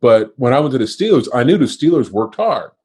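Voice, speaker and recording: A man's voice: mid-range voice, sing-song, fairly quick, a little mellow, breathy edge. A man in his fifties from Kentucky, a former football player hosting a podcast and telling self-deprecating stories. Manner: self-deprecating storyteller who quotes others. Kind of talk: casual storytelling interview.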